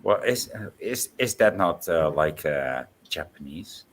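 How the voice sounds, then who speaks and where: A man from the Netherlands chatting casually on a stream, rambling and joking with big swings in pitch. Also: animated, unhurried. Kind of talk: casual chat.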